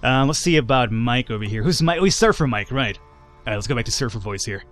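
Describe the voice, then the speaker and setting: A man's voice: medium pitch, expressive, quick pace, fairly bright tone, faint music behind. A man narrating his playthrough of a video game in a rambling, chatty way, with lots of asides. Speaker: let's play host. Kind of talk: casual gameplay commentary.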